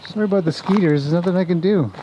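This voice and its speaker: A man's voice: high-pitched, very fast, muffled recording, background noise. A man vlogging casually outdoors as he walks round a farm, chatting to the camera and talking fondly to the animals. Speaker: horse trainer vlogger. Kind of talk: casual walk-and-talk vlog.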